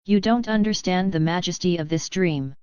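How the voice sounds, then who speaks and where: A woman's voice: lowish voice, normal speed, warm tone, clear, resonant tone, dry recording, natural voice. A woman voicing a brash, theatrical young man who declaims grandly. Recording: dull lo-fi audiobook audio.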